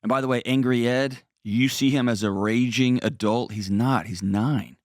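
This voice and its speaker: A man's voice: mid-range voice, normal speed, no echo, clean studio sound. A man hosting a call-in advice show, talking directly and earnestly to a caller. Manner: earnest, direct coaching with emphatic repetition. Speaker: radio show host giving life advice. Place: studio. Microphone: close studio mic.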